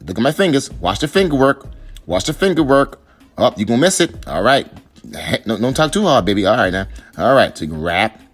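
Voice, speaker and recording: A man's voice: mid-range voice, big pitch swings, a little fast, faint music behind. A man giving playful, teasing voice-over commentary on his wife's hair tutorial, coaxing and joking as he goes.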